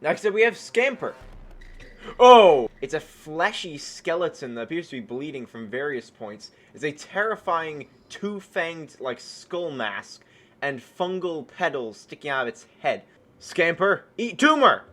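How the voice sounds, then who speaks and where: A man giving excited gameplay commentary as a gaming YouTuber, excitable and often yelping in surprise. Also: on the high side, measured pace.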